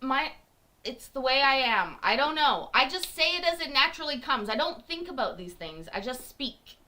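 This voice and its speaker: Lively, bright-voiced Canadian woman streamer. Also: high-pitched, moderate pace. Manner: chatty, joking, laughs often. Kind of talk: casual live-stream chat.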